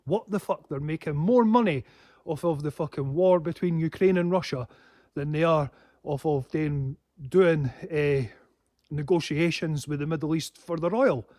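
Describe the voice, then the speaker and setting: A man's voice: a little high, moderate pace, darkish tone, no room sound, clean studio sound. A man rambling in a casual vlog monologue, swearing often and breaking into laughs. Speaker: paranormal vlogger.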